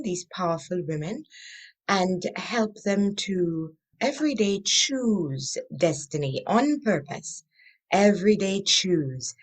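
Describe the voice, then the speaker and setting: Woman, interview guest, expressive storyteller, mid-pitched voice. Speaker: guest, transformational coach.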